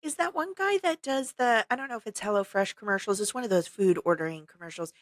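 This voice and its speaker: A woman's voice: mid-range voice, fast, dry recording. A woman co-hosting a podcast in casual chat, talkative and laughing often as she tells stories. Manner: chatty, laughs often, animated storyteller. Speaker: podcast co-host. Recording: dry close sound, remote call.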